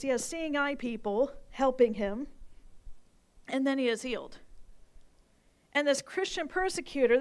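Woman pastor, high pitch, lively and playful sermon delivery before a congregation. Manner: animated, playful, with bursts of emphasis. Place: church service with live audience.

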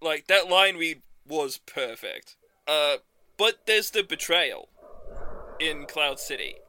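Bright, enthusiastic man on a podcast. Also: a little high, animated, slow pace, slight background noise. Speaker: podcast co-host. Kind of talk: casual film discussion.

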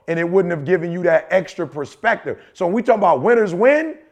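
A middle-aged man co-hosting a podcast, talking in an animated, slangy motivational way and repeating phrases for emphasis. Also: high voice, a little fast, highs cut off. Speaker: podcast co-host. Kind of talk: motivational casual chat.

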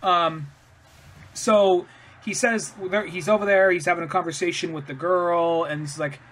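Man with a slightly higher voice, rambling. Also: steady tone, unhurried, a bit bright, slight background noise. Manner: loose, rambling, trails off and restarts. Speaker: podcast co-host. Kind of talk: casual chat.

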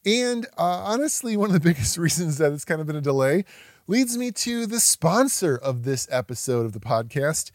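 A man in his thirties hosts a podcast in a relaxed, chatty way. He is animated and pokes fun at himself, laughing often. His voice is recorded dry and close, with no room around it. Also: fairly high pitch, moderate pace, dry recording. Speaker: podcast host. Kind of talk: casual podcast talk.

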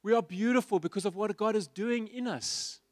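A man's voice: high voice, moderate pace, dry recording, clean studio sound. A man preaching a sermon in church, passionate and repetitive, asking his listeners rhetorical questions. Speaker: pastor.

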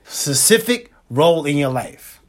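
A man co-hosting a podcast in casual chat, slangy and laid-back, repeating points slowly for emphasis. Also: on the high side, sing-song. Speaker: podcast co-host.

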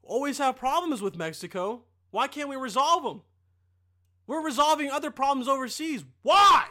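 A man's voice: extremely high pitch, moderate pace, fairly bright tone. A young man ranting in a casual monologue, profane and rambling, often sidetracked.

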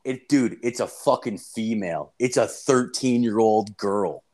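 A man's voice: on the low side, a little slow. A young man telling a story in casual chat, swearing constantly and acting out the people he quotes. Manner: profane, animated, acts out quotes.

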